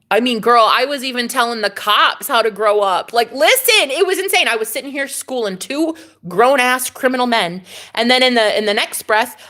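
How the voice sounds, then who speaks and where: A young woman vlogging a casual storytime rant, animated and swearing, with sudden loud outbursts and dips. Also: fairly high pitch.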